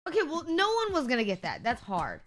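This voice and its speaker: Woman streamer, giggly and sarcastic, rambles to chat, slightly higher voice, faint music underneath. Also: wildly swooping pitch, fairly quick. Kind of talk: casual live-stream chat.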